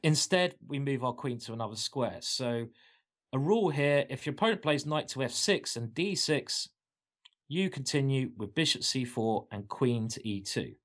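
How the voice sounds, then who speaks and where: A man teaching a chess opening in a lively, playful way, walking through moves and plans with enthusiasm. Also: mid-range voice, moderate pace. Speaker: chess coach. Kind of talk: chess lesson.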